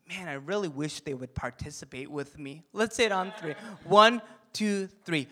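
A pastor, a man, giving an animated, jokey sermon and leading the crowd in call-and-response chants. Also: a little high, measured pace. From Korean heritage. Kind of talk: sermon talk.

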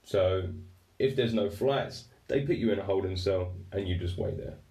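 A man's voice: low voice, moderate pace, warm tone. A man with an English accent telling a personal story candidly, swearing freely and speaking with raw emotion. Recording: roomy echo, distant from mic.

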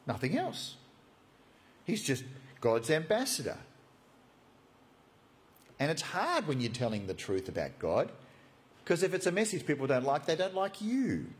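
A man preaching a sermon, animated and jokey, acting out the story. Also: fairly high pitch, a little slow, pauses often. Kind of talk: expository sermon.

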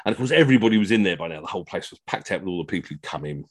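Cheeky man spinning comic anecdotes over a video call; very animated intonation, dry close sound. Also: sits low, very fast, slightly rough, no echo. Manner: chatty, rambling, cheeky. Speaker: costumed entertainer, storyteller. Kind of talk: comic storytelling.

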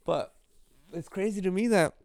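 Raspy, slightly high-voiced young man chatting. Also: moderate pace, a little mellow, no echo. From Los Angeles. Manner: laid-back, profane banter. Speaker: podcast co-host. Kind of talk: casual chat.

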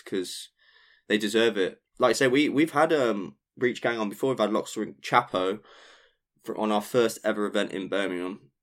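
A fairly low-voiced man from England hosts a DJ podcast in a loose, rambling way. He swears casually and fills his talk with ums and likes, and he sounds relaxed and unscripted. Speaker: DJ and podcast host. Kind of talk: casual chat.

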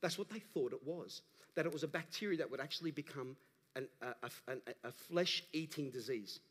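Pastor preaching in a reverberant hall. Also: male voice, fairly high pitch, fairly quick. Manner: animated, rising to emphatic calls to the congregation. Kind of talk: sermon.

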